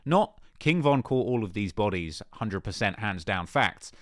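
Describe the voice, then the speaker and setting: A man's voice: on the low side, animated, measured pace, no echo, clean studio sound. A young man vlogging in a joking, mock-boastful way, full of slang. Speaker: YouTuber in a played clip. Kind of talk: casual vlog talk.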